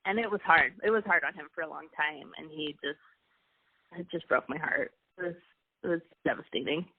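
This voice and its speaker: A young woman's voice sits low and slightly rough, moving along fairly quickly. She's a wrestling coach's wife being interviewed, chatting emotionally through personal stories and often restarting. The recording is dry and tinny, like a phone line.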